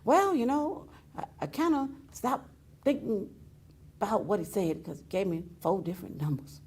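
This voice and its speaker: A woman's voice: mid-range voice, very animated, normal speed, a little mellow, breathy edge. A woman hosting a talk show, telling a long story with frequent laughter and exclamations. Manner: laughing often, mimicking others in quotes, exclaiming. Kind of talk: animated storytelling monologue.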